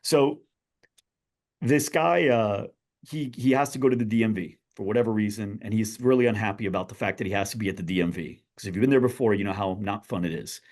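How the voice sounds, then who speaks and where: A man guesting on a podcast, telling a parable in an animated way and asking his listeners questions. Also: on the low side, fairly quick. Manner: animated storyteller who addresses his listeners directly. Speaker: guest, business author. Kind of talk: podcast storytelling.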